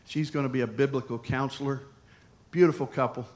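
A man preaching a sermon, telling a personal story in a conversational way with sudden loud emphasis. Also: medium pitch, fairly even intonation, brisk.

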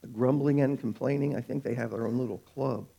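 A man preaching a sermon, animated, stretching out words for emphasis. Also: medium pitch, creaky, slightly rough. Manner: animated, drawn-out emphatic phrases.

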